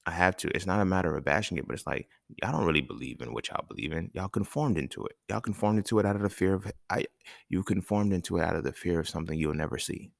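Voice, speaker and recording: Male podcast host, very low gravelly voice, blunt profane rant, dry close mic. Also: fast talker, no echo. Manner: blunt, profane, animated rants with rhetorical questions. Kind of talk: casual solo podcast monologue.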